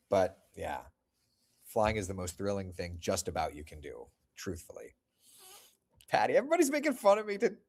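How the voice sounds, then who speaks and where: A middle-aged man hosts a casual livestream, reading viewer comments aloud and answering them in a chatty, self-deprecating way. His voice is low-pitched and darkish in tone, still recovering after he lost it.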